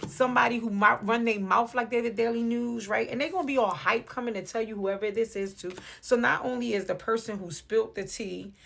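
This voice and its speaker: A woman's voice: a little high, brisk, vocal fry, few pauses, a bit bright, slight background noise. A woman with a New York accent giving a casual, playful tarot reading to camera, calling the viewer "beloved". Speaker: tarot reader. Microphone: phone or webcam on video.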